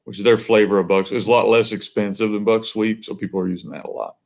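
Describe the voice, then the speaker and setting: A man who is a high school head football coach, a guest in a casual coaching chat who often answers with brief, affirming interjections. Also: little pitch movement, fast talker.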